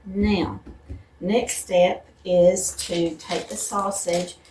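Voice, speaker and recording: A woman from Appalachia hosting a casual cooking vlog in her home kitchen, chatting homey with fillers, her voice a bit rough from morning. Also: on the low side, fairly even intonation, very slow, dark tone, a little hiss or hum. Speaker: vlog host. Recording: roomy echo, distant mic.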